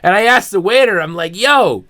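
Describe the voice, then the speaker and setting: A man's voice: high-pitched, sing-song, measured pace, fairly bright tone. A man hosting a podcast, delivering an exaggerated, mock-preachy comedic rant and laughing often. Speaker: podcast host.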